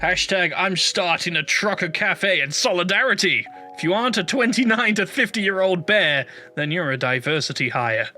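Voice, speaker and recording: Giggly cohost, super bouncy pitch, rambles and laughs. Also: animated, normal speed, sharp tone, a little hiss or hum. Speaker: co-host. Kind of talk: casual comedic chat reacting to posts.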